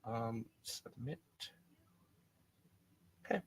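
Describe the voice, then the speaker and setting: A man's voice: mid-range voice, expressive, very slow, vocal fry, husky. Male podcast host with a middle-range voice, talking solo and off the cuff, candid and prone to restarts. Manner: rambling, candid, restarts a lot. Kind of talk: casual solo monologue.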